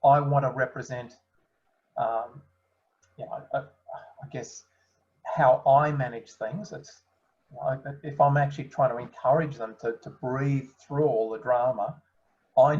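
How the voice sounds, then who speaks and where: A man who is a parent, speaking earnestly and in a measured way in an online parents' discussion. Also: mid-range voice, fairly even intonation, a little mellow. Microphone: video call. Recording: dull lo-fi sound.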